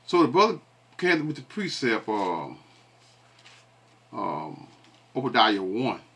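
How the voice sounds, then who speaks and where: A man giving religious commentary, asking his listeners questions and filling pauses with many ums. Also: medium pitch, big pitch swings, gravelly, bright, forceful tone. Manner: call-and-response questions, many fillers. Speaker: preacher.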